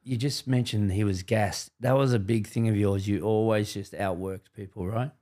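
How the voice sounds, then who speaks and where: A man's voice: lowish voice, steady tone, normal speed, warm tone. A man hosting an interview podcast, asking casual questions and encouraging his guest with frequent agreement. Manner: encouraging, many "yeah" backchannels. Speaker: podcast host.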